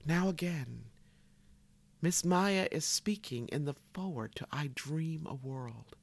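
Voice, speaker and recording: A man delivering a solemn spoken tribute, slow and reverent, with dramatic pauses that sink to near whispers. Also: a little high, vocal fry. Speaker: tribute narrator.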